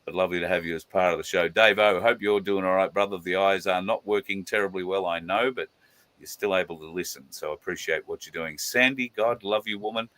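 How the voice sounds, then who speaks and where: A man hosting a casual live stream, chatting and greeting viewers by name, with many drawn-out fillers. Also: sits low, fairly bright tone. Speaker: livestream host.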